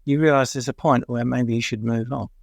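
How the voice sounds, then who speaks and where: An older man from England recounts stories as an interview guest, his voice gravelly and fry-edged. He rambles with many fillers and chuckles at his own tales. The sound is dry and close. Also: medium pitch, fairly even intonation, a little fast, no room sound. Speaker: music journalist guest. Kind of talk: anecdotal interview storytelling.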